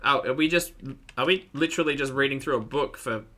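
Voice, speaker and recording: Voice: mid-range voice, fast talker, a bit bright. An Australian commentator reacting to a video with wry, teasing asides and casual musings.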